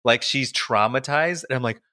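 A man's voice: mid-range voice, moderate pace, bright, forceful tone, dry recording, studio quality. A young man in casual podcast chat, animatedly retelling movie scenes. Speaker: podcast co-host.

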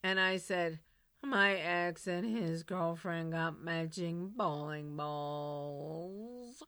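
A blunt, animated woman tells a candid personal story as a recovery program host, swinging between loud exclaims and quiet asides. Her voice is bright and forceful. The sound is dry and close. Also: on the low side, very slow, no echo.

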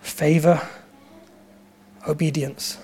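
A man preaching a sermon as pastor, with animated storytelling and emphatic repetition. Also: fairly high pitch, drawn-out words.

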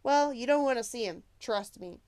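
Woman doing an excitable young boy. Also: on the high side, moderate pace, close to an everyday voice. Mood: evasive.

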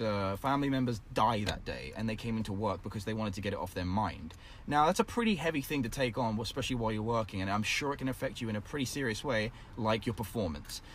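A man speaks at an ordinary pitch in a casual group chat, musing aloud and circling back with plenty of fillers. Faint background noise sits under his voice. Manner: reflective, rambling, frequent fillers.

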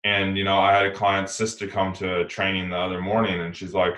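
A man's voice: low-pitched, monotone, fairly quick, hardly any pauses, a bit bright. A man co-hosting a casual podcast conversation, talking in an earnest, rambling way and often correcting himself mid-sentence. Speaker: podcast co-host. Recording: roomy echoey room.

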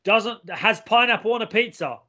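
A man's voice: high-pitched, expressive, moderate pace, highs cut off, a crowd in the background. A man with an English accent, co-hosting a podcast in casual, mock-indignant banter. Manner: loud, swearing, mock-indignant. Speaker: podcast co-host.

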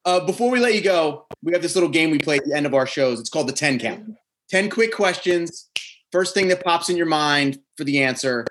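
A man hosting an interview, chatting casually and asking quick questions. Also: on the high side, expressive, fairly bright tone. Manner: friendly, laughs easily, asks quick questions. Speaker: podcast host.

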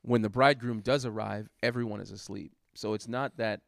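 A man's voice: fairly low pitch, fairly even intonation, fairly quick, gravelly, no echo, studio quality. A man recounting a sermon he preached, talking it through thoughtfully with lots of fillers and restarts. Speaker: guest preacher. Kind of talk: casual conversation about a sermon.

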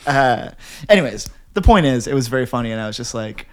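Podcast co-host man, lively pitch swings, rambling chatty storytelling, lots of fillers. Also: fast talker, smooth. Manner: rambling, heavy filler "like", animated retelling. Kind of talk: casual storytelling chat.

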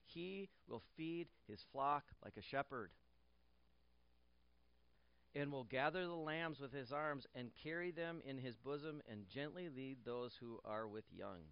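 A man's voice: mid-range voice, unhurried, clear, resonant tone, muffled recording. Man preaching with rising emphasis. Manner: animated preaching with repeated phrases and restarts; jokes lightly with the congregation. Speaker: pastor. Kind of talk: sermon. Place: church.

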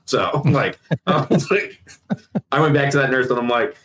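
This middle-aged man, retired from work as a sheriff's investigator, gives an animated retelling in a casual interview, acting out quotes and laughing. His medium-pitched voice moves at a moderate pace, captured on a low-quality recording.

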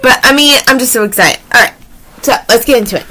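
Woman reading kids' stories out loud, bright voice, super expressive and chatty. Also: a little high, fast talker. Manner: animated, expressive, chatty asides. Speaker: story reader. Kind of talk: reading children's books aloud.

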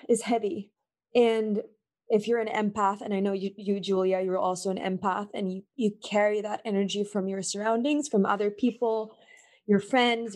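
A woman talks over a call in a loose, casual conversation. She speaks from the heart, rambling through many fillers and restarts as she gets emotional. Her voice sits in an ordinary middle pitch. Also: darkish tone. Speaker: podcast guest.

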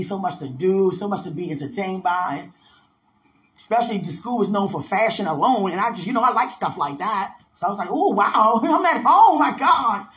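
High-voiced D.C. man telling stories. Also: slight background noise. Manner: animated, laughs often, drops into other voices. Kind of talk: casual storytelling chat.

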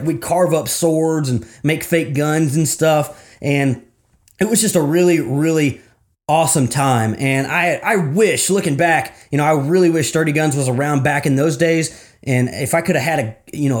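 Dude hosting a podcast, kinda high voice, hyped and chatty, lots of "you know" and "guys". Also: male voice, a little mellow. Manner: enthusiastic, conversational, frequent fillers like "you know" and "guys". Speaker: podcast host. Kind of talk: casual sponsor read.

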